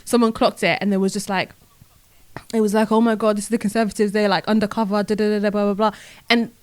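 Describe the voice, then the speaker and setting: A young woman, co-hosting a casual podcast chat and talking in an animated, indignant way. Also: medium pitch, clear, resonant tone. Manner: animated, indignant, talks fast with restarts. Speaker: podcast co-host.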